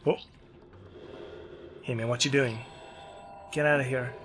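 A man giving let's play commentary on a horror game, excitable and yelping whenever something startles him. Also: unhurried, a little hiss or hum. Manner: excitable, yelps and jumps high when scared. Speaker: gaming YouTuber. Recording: game music playing behind.

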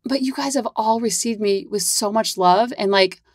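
A woman's voice: medium pitch, normal speed, no echo, clean studio sound. A woman hosting her own parenting podcast, chatting casually in a Valley-girl-ish way full of "like". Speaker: podcast host and parent coach.

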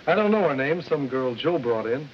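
A man's voice: mid-range voice, expressive, normal speed, close to an everyday voice. An actor playing a timid male studio assistant who answers in a hesitant, matter-of-fact way. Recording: hissy, dull old film soundtrack.

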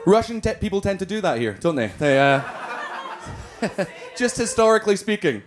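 A man's voice: high-pitched, big pitch swings, normal speed. A Scottish man doing stand-up crowd work, teasing and profane, laughing as he talks. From Scotland. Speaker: stand-up comedian. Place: comedy club. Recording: live club mic with noise.

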